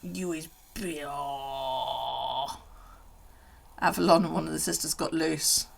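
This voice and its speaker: A woman streaming casually from home, with a slightly low, gravelly voice. She chats loosely, swears freely and coos at her animals. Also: slow. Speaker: livestreamer. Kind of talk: casual livestream chat.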